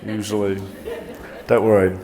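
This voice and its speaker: A man presenting a motivational talk to a live audience, energetic and coaxing, often restarting mid-sentence. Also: lowish voice, unhurried. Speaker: corporate presenter.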